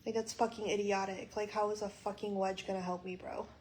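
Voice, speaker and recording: A woman's voice: medium pitch, little pitch movement, fairly quick, darkish tone, a little hiss or hum, poor audio. A young woman vlogging from a hospital room, venting with frustration and plenty of swearing. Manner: frustrated, swearing, quoting others in dialogue. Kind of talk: venting to camera.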